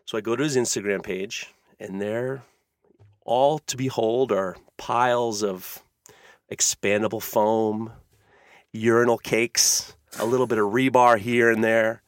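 A man's voice: mid-range voice, steady tone, a little slow, dry recording, studio quality. A man hosting a casual podcast chat, ranting in a heated, profane way. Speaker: podcast host.

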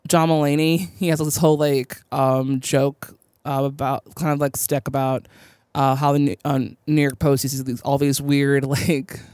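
A woman's voice: rumbling low, level tone, normal speed, a little mellow, dry recording, studio quality. A woman co-hosting a TV recap podcast in casual chat, rambling with many fillers and frequent laughs. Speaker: podcast co-host.

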